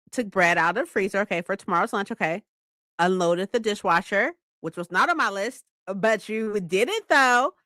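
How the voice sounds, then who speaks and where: A woman's voice: mid-range voice, no room sound, clean studio sound. A young woman vlogging from home in a casual, bubbly, chatty way. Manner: bubbly, chatty, squeals when excited. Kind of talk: casual chat.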